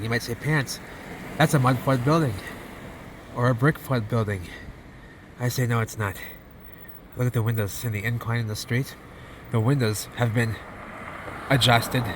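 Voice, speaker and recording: A man's voice: mid-range voice, noisy background. Folksy rambling man outdoors. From Minnesota. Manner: chatty, rambling, repeats himself, folksy. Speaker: vlogger exploring old buildings. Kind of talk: casual walking vlog. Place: outdoors by old mill buildings in winter.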